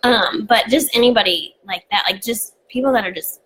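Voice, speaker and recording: A woman's voice: on the high side, moderate pace, a bit bright, low-quality recording. A woman co-hosting a podcast live stream in a casual, chatty way, full of "like" and "um.". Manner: chatty, with frequent "like" and "um". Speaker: podcast co-host.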